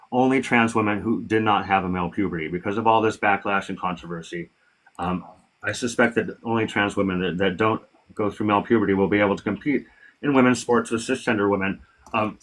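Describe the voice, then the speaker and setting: A man's voice: lowish voice, fairly bright tone. A man hosting a live-stream debate, combative and profane, talking over his guest.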